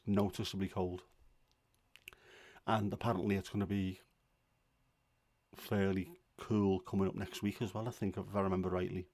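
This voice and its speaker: A man's voice: low-pitched, little pitch movement, moderate pace, pauses often, darkish tone. A middle-aged man hosting a livestream from home, chatting casually in a grumbling, self-deprecating way. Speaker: livestream host. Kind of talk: casual chat.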